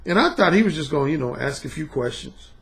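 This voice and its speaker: A middle-aged man holds forth on his own podcast in a casual, blunt monologue. His voice sits high and gravelly, and his pitch swings all over as he hammers his points home with profanity. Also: fast. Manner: emphatic, blunt, profane, animated. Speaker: podcast host and dating coach.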